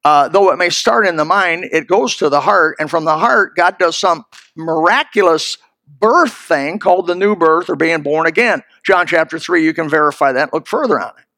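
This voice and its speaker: A man delivering a sermon with a fairly high voice, folksy and emphatic as he presses his points home. The sound is dry and close, with no room echo around him. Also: moderate pace, sharp tone. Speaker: preacher.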